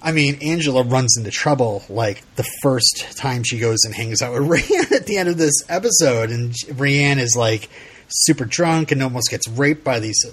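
A man's voice: medium pitch, a bit bright, husky. A middle-aged man co-hosting a casual podcast, laughing often and retelling scenes with quoted voices. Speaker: podcast co-host. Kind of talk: casual chat.

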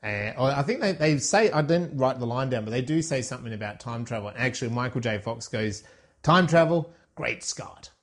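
A man's voice: medium pitch, fast, hardly any pauses. A man co-hosting a casual podcast, recapping film scenes in a rambling, self-correcting way. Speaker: podcast co-host reviewing a film. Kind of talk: casual chat.

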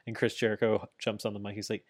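A man's voice: on the low side, flat delivery, quick pace, no echo, clean studio sound. A man in casual podcast chat, animatedly retelling events, acting out quotes, swearing now and then. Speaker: podcast co-host. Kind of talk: casual chat recapping wrestling.

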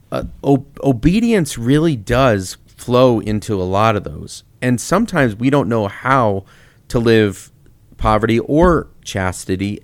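A man's voice: lowish voice, dry recording. A man co-hosting a casual podcast discussion on faith, talking reflectively. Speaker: podcast co-host.

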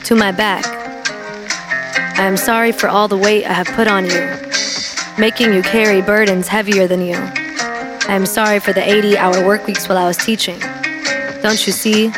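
A woman poet performs spoken word in a slow, measured delivery. Loud guitar instrumental music plays behind her voice. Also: medium pitch, fairly even intonation.

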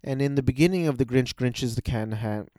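A man's voice: medium pitch, fast, warm tone, no echo, studio quality. A man casually reviewing cartoon specials in a rambling, hesitant way, with frequent restarts.

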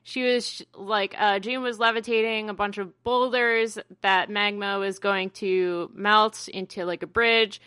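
A woman's voice: mid-range voice, measured pace, hardly any pauses, smooth, no echo. A woman co-hosting a podcast, animatedly retelling a cartoon episode and swearing casually. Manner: animated storyteller, swears casually, acts out lines. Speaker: podcast co-host.

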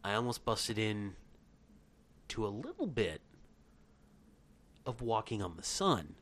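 A podcast co-host in casual chat, dry and blunt, with wisecracking jokes. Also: male voice, lowish voice, big pitch swings, slow, a bit bright.

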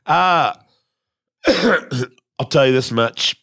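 A man's voice: mid-range voice, expressive, very slow, fairly bright tone, dry recording, studio quality. A man hosting a podcast in casual, crude, joking chat, reading listener messages aloud. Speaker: podcast host.

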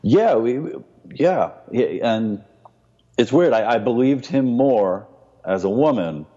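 A man co-hosting a casual movie recap, animated, mocking scenes in high put-on voices. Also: takes it slowly. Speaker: podcast co-host. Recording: dull sound with long reverb.

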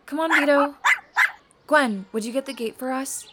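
A woman's voice: sits high, heavy background noise. A woman acting a friend in an audio drama, emotional and accusing. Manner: emotional, accusing, then flat and slow. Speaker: character Erin.

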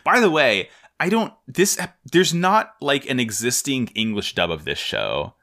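Male podcast co-host, casual banter, bright tone, lively swooping pitch. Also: measured pace, gravelly. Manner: animated, laughing, jokey fan enthusiasm. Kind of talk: casual chat.

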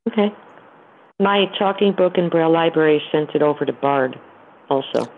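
A woman's voice: deep voice, moderate pace. A woman from Hawaii calling in by phone, asking direct, plain questions. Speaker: caller. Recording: tinny phone line with faint noise.

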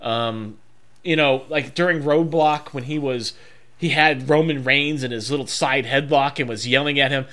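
Bright, opinionated man in casual chat. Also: medium pitch, moderate pace. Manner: opinionated, thinks aloud with many ums. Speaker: podcast co-host.

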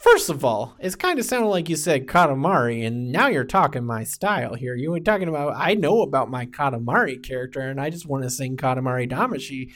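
A man's voice: medium pitch, expressive, a little fast, few pauses, a bit bright, close to an everyday voice. A man putting on a put-on Chicago accent, playing a brash, boastful Chicago sports superfan who rambles. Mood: brash boasting. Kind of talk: comedy podcast bit.

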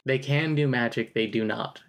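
A woman co-hosting a casual podcast, with an unusually deep, low-pitched voice. She talks through the story with dry, wry asides. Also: moderate pace. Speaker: podcast co-host. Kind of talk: casual chat about a story.

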